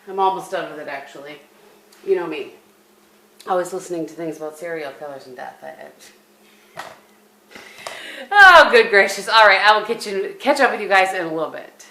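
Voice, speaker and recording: A woman's voice: low-pitched, fairly bright tone. A middle-aged woman vlogging at home, chatting casually to camera in a rambling way with many restarts. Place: at home indoors. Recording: echoey room with faint background hum.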